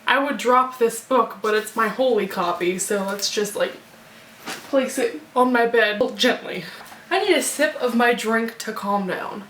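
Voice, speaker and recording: A young woman giving a casual book review vlog, gushing and excitable like a fangirl. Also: fairly high pitch, measured pace, reverberant, slight background noise. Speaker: book vlogger.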